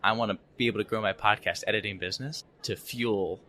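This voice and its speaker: A young man as a podcast guest, talking haltingly with many fillers and repeated words at a conference. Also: lowish voice, fairly even intonation, pushed and bright. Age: young adult. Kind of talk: casual interview chat. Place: conference venue.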